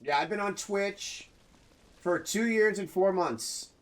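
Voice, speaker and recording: A man's voice: high-pitched, slow, fairly bright tone. A man streaming a video game, chatting casually and joking with viewers and his dogs.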